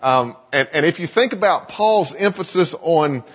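A man's voice: on the high side, animated, fairly bright tone. Man preaching in a reverberant hall. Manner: earnest preaching with many restarts and slow emphasis. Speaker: pastor. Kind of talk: sermon. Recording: muffled sound with long hall reverb.

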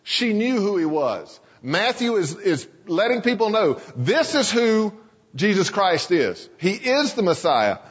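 Husky-voiced pastor preaching in a church. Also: male voice, high voice, big pitch swings, a little slow. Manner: storytelling, dramatizing scripture. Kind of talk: sermon. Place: church sanctuary. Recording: echoey church sanctuary, dull lo-fi sound.

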